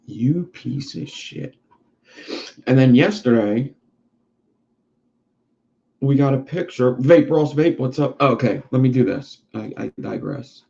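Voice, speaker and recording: A man's voice: mid-range voice, dark tone. A man hosting a casual livestream chat who rambles and swears freely. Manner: profane, rambling. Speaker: livestream host. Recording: dull lo-fi sound.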